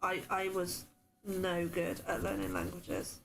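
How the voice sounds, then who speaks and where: A woman's voice: lowish voice, sing-song, slow pace, creaky, background noise. A woman with a Wiltshire accent chatting casually and self-deprecatingly while making cards on a stream, answering chat messages. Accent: Wiltshire English. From Wiltshire, England.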